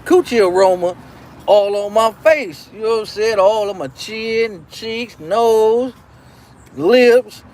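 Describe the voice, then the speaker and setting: A man's voice: sits high, takes it slowly, a little mellow. A man hosting his own show, telling a rambling, profane personal story in a casual, repetitive way. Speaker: show host.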